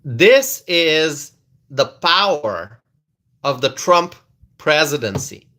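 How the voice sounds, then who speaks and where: A man's voice: fairly high pitch, very animated, pushed and bright. A man hosting a casual political livestream, laughing often and repeating lines for effect, with frequent restarts. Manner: slow drawn-out delivery with many restarts. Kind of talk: casual commentary to live viewers.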